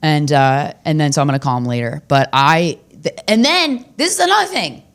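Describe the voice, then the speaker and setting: A woman comedian hosting a podcast, telling stories in a brash, profane, animated way, with sudden loud jumps in pitch. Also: brisk. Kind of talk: casual comedic storytelling.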